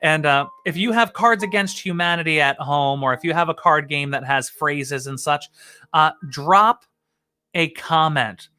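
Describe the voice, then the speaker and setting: A man's voice: fairly high pitch, a little slow, sharp tone, clear, resonant tone. A man hosting a comedy stream, chatting casually to camera in a rambling, self-mocking way and laughing often.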